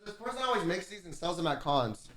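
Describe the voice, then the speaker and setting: A young man streaming, chatting casually and swearing, slangy and animated as he rants to his chat. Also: high-pitched, fast.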